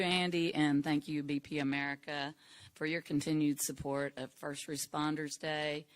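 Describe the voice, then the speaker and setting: A chairman of an organization giving a formal, measured prepared speech at an indoor ceremony on a podium microphone. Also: mid-range voice. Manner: measured, formal, read from a script.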